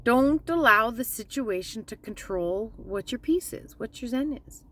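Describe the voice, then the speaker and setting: A woman giving a casual, candid motivational talk as a spiritual vlogger, plainspoken and slowing down to stress her points. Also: on the high side, animated, pushed and bright.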